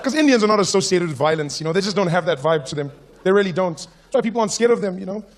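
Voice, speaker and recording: Man, South African accent, stand-up comedian, animated storyteller, high voice, rapid delivery. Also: a little hiss or hum. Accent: South African English. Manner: animated storytelling, puts on voices of people he meets. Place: comedy stage with a live audience.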